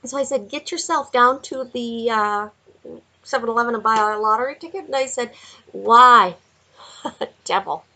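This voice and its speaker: A woman giving a chatty tarot card reading, laughing often and talking to viewers in animated asides. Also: a little high, brisk, rough recording. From Canada. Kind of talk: casual tarot reading vlog. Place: home with window view.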